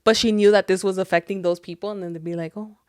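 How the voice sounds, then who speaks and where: A woman co-hosting a casual podcast at a middling pitch. She retells a story in a loose, rambling way, full of fillers, restarts and swearing. Her voice sounds dry and close. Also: steady tone, fast talker, a little mellow, smooth, no room sound. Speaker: podcast co-host. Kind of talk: casual chat.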